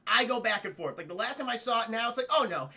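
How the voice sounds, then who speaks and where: A man streaming a loose, profane scene-by-scene film recap, talking straight to his chat. His voice sits high and bright, with a gravelly fry running through it. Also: fast talker. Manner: profane, rambling, addresses chat. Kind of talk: casual livestream film recap.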